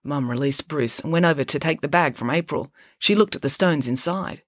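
A woman narrates her own children's story with expressive storytelling. Her voice is fairly low and a little husky, with a lively, sweeping pitch, recorded close in a dry room. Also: brisk, no echo. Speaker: author and narrator. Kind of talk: audiobook-style story reading.

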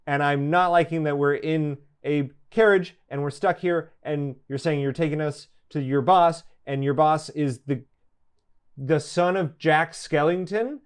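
A man playing a tabletop role-playing game, excitable and quick to panic in character. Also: a little high, clear, resonant tone. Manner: excitable, talks fast when panicking. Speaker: player.

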